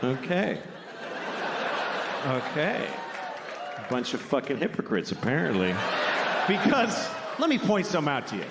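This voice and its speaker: Man, stand-up comic, profane blunt rants, lively swinging pitch, live theater, echoey hall, audible crowd. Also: measured pace, pauses often, heavy background noise. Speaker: stand-up comedian. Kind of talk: stand-up comedy set. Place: theater stage before a laughing audience.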